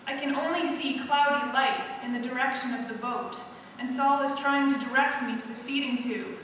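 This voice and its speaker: Woman author reading her book live, high-ish voice, long hall echo, faint room noise. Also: steady tone, fairly bright tone. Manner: chatty intro, then measured first-person narration. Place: opera centre hall, live event. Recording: echoey hall from far off.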